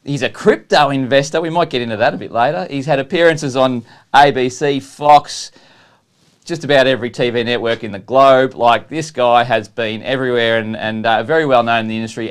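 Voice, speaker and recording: A man's voice: medium pitch, a little fast, clear, resonant tone. A man with an Australian accent hosting a casual interview podcast, joking and laughing at his own bad jokes. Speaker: podcast host.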